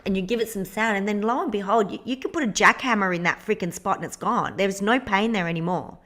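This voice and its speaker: A woman co-hosting a podcast interview, talking in an animated, candid way and swearing freely. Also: mid-range voice, fast, hardly any pauses. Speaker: podcast co-host. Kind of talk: casual conversational interview.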